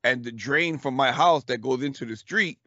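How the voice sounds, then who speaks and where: A man in his thirties telling a story in casual chat. He is animated, swears freely, laughs often and acts out what people said. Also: mid-range voice, moderate pace, no room sound. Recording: dull, dry lo-fi recording.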